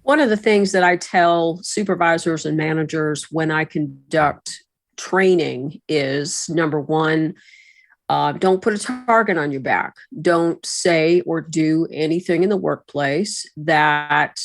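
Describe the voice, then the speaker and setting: A woman with a lowish voice speaks as an attorney and resident expert on a podcast. She lays things out in a steady, advisory manner. The sound is dry and close to the mic. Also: dry recording. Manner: measured, explanatory, advisory. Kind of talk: podcast discussion.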